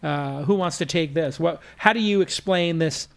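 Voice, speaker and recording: A man hosting a tech roundtable podcast, chatting casually with quick jokes and playful asides. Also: on the high side, gravelly. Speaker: podcast host.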